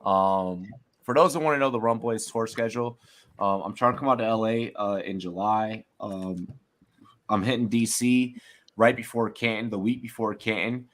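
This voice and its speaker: A man's voice: fairly low pitch, moderate pace, fairly bright tone. A man hosting a sports podcast in a loose, swearing, tipsy banter style. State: tipsy from drinking. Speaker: podcast host. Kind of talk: loose casual chat, profane.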